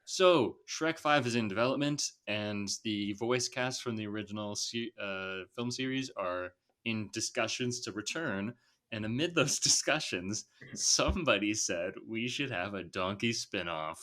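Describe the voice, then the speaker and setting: A man's voice: on the low side, unhurried, a bit bright. A young man hosting a casual movie podcast, laid-back with lots of fillers and frequent laughter. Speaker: podcast host.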